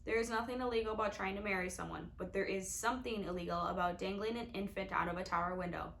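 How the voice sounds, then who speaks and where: A woman voicing a kind female judge who speaks carefully and in measured phrases. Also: mid-range voice, steady tone, vocal fry, a bit bright, slight background noise. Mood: indignant.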